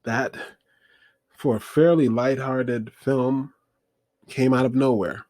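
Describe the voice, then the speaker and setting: Male host, casual film recap, mid pitch, loose and digressive, dry booth sound. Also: steady tone, takes it slowly, a little mellow, no echo. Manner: rambling, many fillers, wry asides. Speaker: movie review host.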